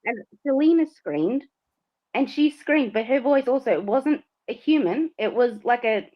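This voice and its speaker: A woman's slightly high voice, with lively intonation and an unhurried pace, carries a story she tells as a livestream co-host. She's animated throughout, acting out quotes and laughing often. A livestream mic captures her in slightly dull lo-fi quality.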